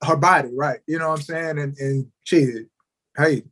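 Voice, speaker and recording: A man's voice: fairly high pitch, steady tone, moderate pace, fairly bright tone. Earnest podcast co-host man. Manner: earnest, repeats words when building a point. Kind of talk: casual chat.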